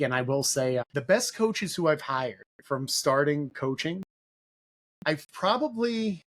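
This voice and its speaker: Casual male podcast host, higher voice. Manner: casual, conversational, some fillers. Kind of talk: podcast interview.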